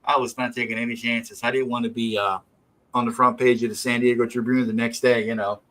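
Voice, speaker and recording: A man's voice: medium pitch, brisk, low-quality recording. A man hosting a drawing stream, telling a rambling story with casual swearing. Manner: rambling, profane, animated. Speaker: stream host.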